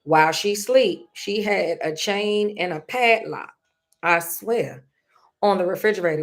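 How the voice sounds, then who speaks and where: A woman's voice: medium pitch, moderate pace. A middle-aged woman, hosting her own show and sharing a personal story in an earnest, prayerful way. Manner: earnest, prays aloud, laughs through a funny memory. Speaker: podcast host.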